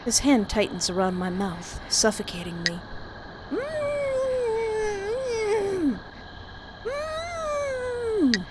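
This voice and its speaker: A woman's voice: fairly low pitch, normal speed, hardly any pauses. A woman reading a horror visual novel aloud with commentary, reacting dramatically and laughing often. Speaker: game streamer. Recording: steady background hiss.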